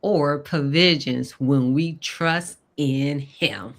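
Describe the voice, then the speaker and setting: A woman panel guest reading viewer comments aloud in a measured way. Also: low-pitched.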